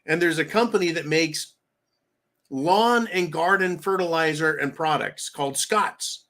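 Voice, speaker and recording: An American man hosting a live stream, ranting loudly with crude insults between reading out donations. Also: on the high side, a little slow. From United States.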